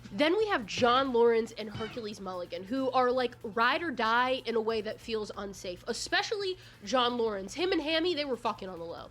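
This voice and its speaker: A woman in her twenties recapping musicals in a casual video commentary, sarcastic, excitable and quick to swear. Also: a little high. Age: 20s. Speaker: YouTuber.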